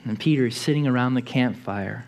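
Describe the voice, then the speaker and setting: A man's voice: mid-range voice, a little fast, a little mellow. A man preaching a sermon in a church, telling the story vividly and often repeating words as he goes.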